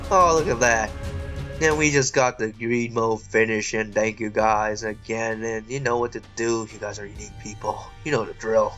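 A woman hosting a gaming channel, giving rambling, self-mocking let's play commentary that breaks into yells and laughter during tense fights. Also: extremely low pitch, steady tone, normal speed, faint music behind.

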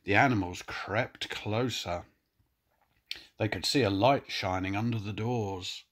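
An older man, a grandfather, gently reading a picture book aloud to children and pointing out the pictures. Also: on the low side, measured pace. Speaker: grandfather storyteller.

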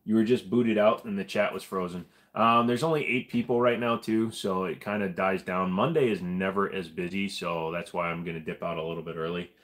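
A man's voice: low-pitched, fairly even intonation, brisk, hardly any pauses, a bit bright. A man hosting a live stream, answering viewer questions in a blunt, profane, casual way.

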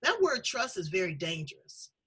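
Bright husky-voiced woman host. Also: on the low side, sing-song, normal speed, poor audio. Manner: candid, folksy, emphatic. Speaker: show host. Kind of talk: casual talk-show conversation.

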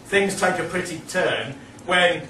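A man's voice: high voice, unhurried, bright, forceful tone. A man giving a lecture in a rambling, digressive way, full of asides and chuckles, recorded from a distant mic in an echoey, noisy room. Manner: rambling, digressive, peppered with "you know" and chuckles.

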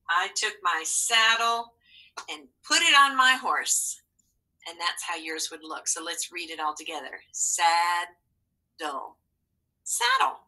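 A woman's voice: mid-range voice, pushed and bright, slightly rough, low-quality recording. A woman teaching a phonics and spelling lesson to young children, encouraging and patient with sing-song prompts.

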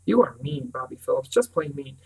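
A man's voice: mid-range voice, expressive, fairly quick, vocal fry, darkish tone, breathy edge, low-quality recording. A man voicing an anxious, wry teenage girl, earnest and questioning, in an audiobook. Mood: teasing.

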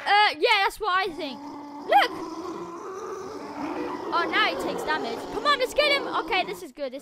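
A woman hosting a gaming channel, giving excitable Minecraft gameplay commentary full of exclamations and urging. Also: very high voice, moderate pace, long pauses, very noisy.

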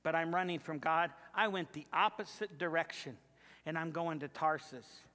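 A resigned runaway prophet confesses his guilt in a flat, subdued way, as a male preacher puts him on. The voice sits high and bright for a man. It rings through a long church reverb. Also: normal speed. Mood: confessing.

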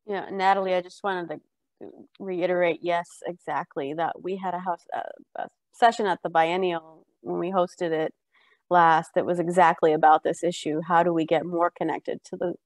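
A woman's voice: lowish voice, level tone, moderate pace, no room sound. A woman on a video call chiming in with eager agreement in a conversational way. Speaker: faculty member, conference participant. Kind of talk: casual discussion on a video call.

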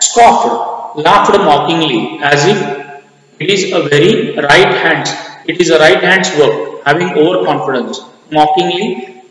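A man with an Indian English accent teaching a school English class, explaining a poem word by word and asking and answering his own questions. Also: fairly high pitch. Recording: echoey, reverberant room.

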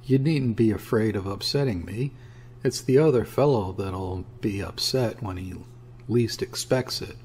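A man voicing a boisterous, scornful young sailor who talks bluntly and roughly. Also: fairly low pitch, measured pace, darkish tone. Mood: blustering. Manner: blunt, offhand and rough-spoken.

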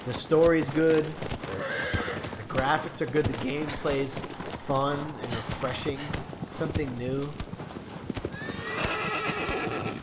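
A man's voice: fairly high pitch, fairly even intonation, takes it slowly, heavy background noise. Swearing man rambling over gameplay. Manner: profane, rambling, with loud mock-taunting outbursts. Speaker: gamer. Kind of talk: gameplay commentary. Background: loud game music and horse sounds.

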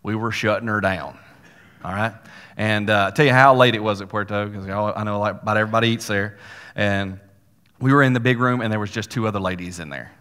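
A man's voice: fairly low pitch, fairly even intonation, a little fast, a bit bright, clear, resonant tone. A male pastor preaching a sermon, telling a story in a folksy way with casual asides to the congregation. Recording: long hall reverb.

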